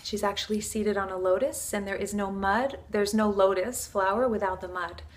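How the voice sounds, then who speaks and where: A woman's voice: medium pitch, fairly even intonation, normal speed, slight background noise. Earnest woman giving a spiritual talk. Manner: earnest, flowing, with many fillers like "like" and "you know". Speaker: spiritual teacher. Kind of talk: casual teaching talk.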